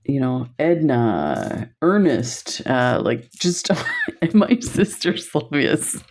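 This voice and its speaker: A woman's voice: extremely low pitch, very animated, slow, darkish tone. A woman presenting beads on camera in a casual chat, telling stories and laughing often. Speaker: bead shop video presenter.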